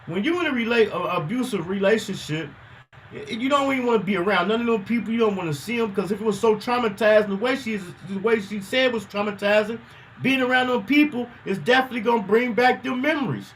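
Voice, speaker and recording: Man, high voice, casual news commentary, repeats himself, slangy, faint background noise. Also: fast talker, rough recording. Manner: animated, repetitive, conversational slang.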